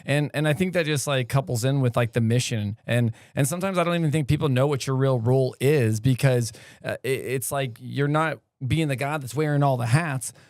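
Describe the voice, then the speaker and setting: Rambling American podcast host. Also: male voice, mid-range voice, brisk, few pauses, darkish tone, dry recording, clean studio sound. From California. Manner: loose, rambling, often asks "right?". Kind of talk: casual conversation.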